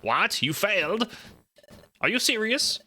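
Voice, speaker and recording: A man doing a shrill, scolding bird officer. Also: sing-song, takes it slowly, soft background music, heavily acted. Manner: scolding, high and sharp. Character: shrill bossy male bird guild officer. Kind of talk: reading game dialogue aloud.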